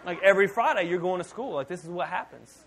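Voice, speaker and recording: Casual preaching man, highish voice. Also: fast, a bit bright, some chatter behind. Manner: casual, conversational preaching with asides to the audience. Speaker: pastor. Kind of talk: sermon. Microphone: podcast mic.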